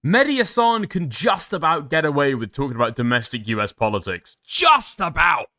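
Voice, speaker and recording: A man's voice: mid-range voice, lively intonation, a little fast, fairly bright tone. A man reacting to videos on a live stream, swearing freely and sounding sardonic and exasperated. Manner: profane, exasperated, sardonic outbursts.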